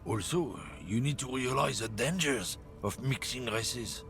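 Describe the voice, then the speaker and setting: A boastful, sneering middle-aged trucker, as a man puts him on, all swagger and bigotry. The voice is gravelly and swings widely in pitch while he brags. Faint music plays underneath. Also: lively intonation, unhurried, a bit bright. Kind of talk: voicing game dialogue on a livestream.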